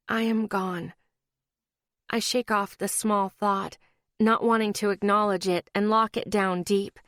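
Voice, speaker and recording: Brief: female first-person romance narrator, unhurried, emotional, dry studio sound. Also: mid-range voice, no room sound. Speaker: audiobook narrator.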